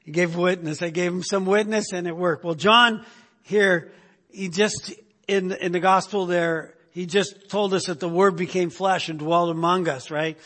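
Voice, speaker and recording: A man preaching from the pulpit of a church sanctuary, with a voice pitched a little above the usual for a man. His delivery is loose and conversational, full of restarts and "right?" tags. A long hall reverb trails each phrase. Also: fairly even intonation, unhurried, sharp tone. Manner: casual storytelling, many restarts and "right?" asides. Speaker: pastor. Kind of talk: sermon with personal story.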